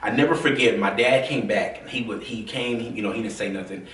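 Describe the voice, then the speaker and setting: A man from the American South telling his own story in a casual, animated way, full of fillers and acted-out quotes. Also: on the low side, fairly quick, slight background noise. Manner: animated, acts out quoted voices, many fillers. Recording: roomy, from a distance.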